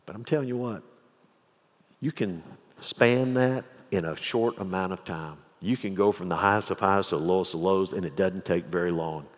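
A man preaching a sermon, moving between loud, emphatic peaks and hushed, low passages as he reads scripture and explains it. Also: normal speed. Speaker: pastor. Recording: long hall reverb.

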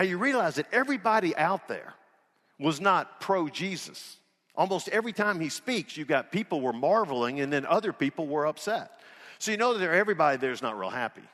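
A man's voice: sits high, fairly bright tone, long reverb tail. A man preaching a sermon as pastor in a church, folksy and joking, retelling scripture in a casual voice. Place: church sanctuary.

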